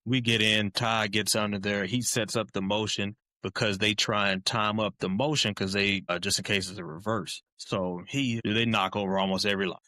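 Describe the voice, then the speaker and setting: A man's voice: fairly low pitch, moderate pace, hardly any pauses, dry recording. A man, a former college football player, telling casual stories as a podcast guest and often adding "man". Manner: animated, keeps saying "man". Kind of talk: casual storytelling.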